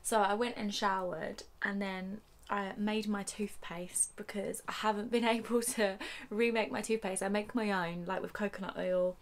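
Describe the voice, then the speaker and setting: A woman's voice: mid-range voice, creaky, slight background noise. A woman chatting casually to camera at home as a vlogger and new mother, laughing often. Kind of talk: casual vlog chat to camera. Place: at home, indoors.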